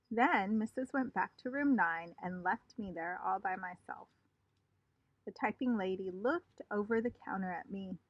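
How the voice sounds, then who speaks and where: Teacher reading a storybook aloud. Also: female voice, mid-range voice, unhurried, dry recording, muffled recording. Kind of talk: storybook read-aloud to children.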